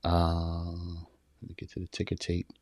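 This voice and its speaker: A podcast host with a low, dry, monotone and slightly mellow voice leads a live talk for men at a measured pace. Like a preacher, he hammers his points through repetition, calls listeners "brother," and takes viewer questions as they come in. The recording is dry.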